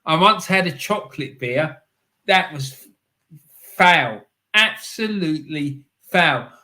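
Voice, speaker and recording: A man's voice: fairly high pitch, expressive, slow pace, sharp tone. A man hosting a live stream, chatting casually with viewers, laughing often and calling people "mate". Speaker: livestream host reading chat.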